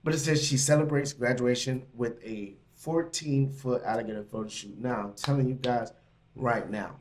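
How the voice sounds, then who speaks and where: A man's voice: medium pitch, moderate pace, slight background noise. A man hosting a casual reaction stream, talking in loose slang, laughing and riffing on what he reads. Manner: animated, laughing, slangy asides. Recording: mic.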